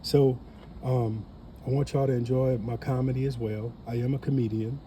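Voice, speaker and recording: New man, earnest vlog host, deep mellow tone, faint background hiss. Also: fairly even intonation, fast talker. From New Orleans. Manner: earnest, motivational, repeats phrases. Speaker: family channel creator. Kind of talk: casual vlog talk to camera.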